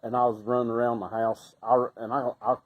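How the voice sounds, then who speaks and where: A man's voice: medium pitch, flat delivery, fairly quick, phone-quality sound. Folksy Appalachian man telling stories. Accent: Southern Appalachian. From Southern Appalachian US. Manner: folksy, laughs often, bursts into shouting. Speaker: storyteller. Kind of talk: casual storytelling.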